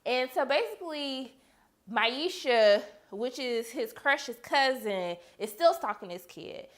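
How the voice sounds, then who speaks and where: Young woman reviewer, high-pitched and expressive, chatty vlog delivery. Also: takes it slowly. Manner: animated, talks straight to the viewers and the characters; quotes characters with sudden high-pitched outbursts. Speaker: TV episode reviewer.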